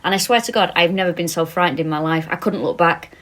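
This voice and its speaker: A woman's voice: lowish voice, quick pace. A woman with a Manchester accent, a podcast co-host chatting and telling stories with lots of swearing, recording remotely. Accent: Mancunian. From England. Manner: storytelling, swearing, animated. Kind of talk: casual comedic chat. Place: countryside home, recording remotely. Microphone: remote call.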